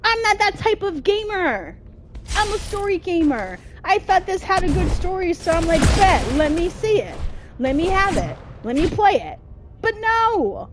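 A woman's voice: very high-pitched, very animated, normal speed, noisy background. A woman giving frustrated gameplay commentary, cursing at the game nonstop. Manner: constant angry cursing at the game. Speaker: gamer.

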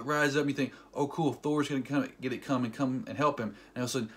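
A man vlogging a casual, excited movie recap, rambling with fillers and acting scenes out with sound effects like "boom" and "ding.". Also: fast, slight background noise. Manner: animated storyteller with sound effects; loose, rambling, filler-heavy delivery.

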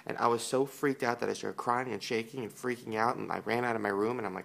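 A man vlogging to camera, telling a personal story in an animated, casual way with plenty of swearing. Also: medium pitch, quick pace, gravelly, few pauses, a little hiss or hum. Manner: animated, profane, laughing storyteller.

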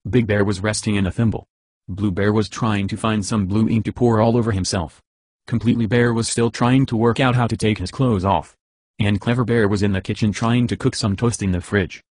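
A man reading a silly bedtime story in an even, deadpan way. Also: on the low side, dry recording.

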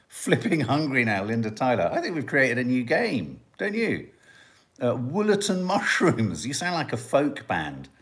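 Brief: male livestream host, jokey and chatty, voice swinging up and down, middle pitch. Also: wildly swooping pitch, unhurried. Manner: chatty, jokey, musing aloud. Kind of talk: casual live chat, reading out viewer comments.

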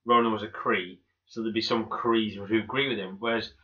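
A man's voice: fairly low pitch, steady tone, a little fast. A man co-hosting a casual film podcast, rambling with lots of fillers and restarts and swearing freely. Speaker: podcast co-host. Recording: dull lo-fi podcast audio.

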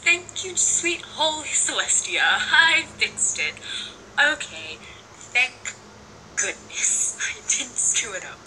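A woman's voice: high-pitched, sing-song, takes it slowly, sharp tone, slight background noise, poor audio. A woman recording voice-acting lines at home, muttering self-deprecating remarks between takes. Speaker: amateur voice actor. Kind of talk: recording session outtakes.

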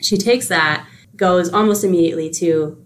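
A woman's voice: fairly low pitch, moderate pace, slight background noise. A young woman co-hosting a podcast, animatedly retelling a movie plot and acting out the characters' lines in casual chat. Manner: animated storyteller, acts out characters' quoted lines. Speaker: podcast co-host. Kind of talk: casual chat recapping a film.

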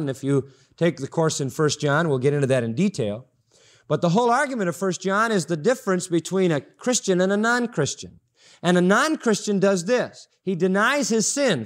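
A man with a notably high voice delivers a sermon from the pulpit. He preaches emphatically, driving points home by repeating short phrases. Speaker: pastor. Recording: audio-only sermon recording.

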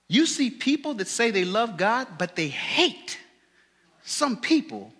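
A male pastor delivers an impassioned sermon through tears, his voice high and bright. He swings from near whispers up to shouts with a lively, rising pitch. The hall gives his voice a long echo. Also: slow pace. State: tearful. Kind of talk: emotional sermon. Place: fellowship hall.

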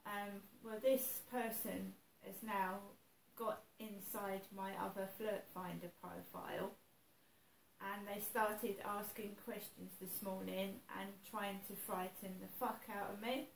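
A woman's voice: mid-range voice, steady tone, slow, vocal fry. Woman, worried, hesitant, repetitive, echoey room, some distance from mic. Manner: worried, repeats herself, hesitant. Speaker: vlogger. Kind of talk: anxious personal vlog. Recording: echoey room, voice a bit far from mic, faint noise.

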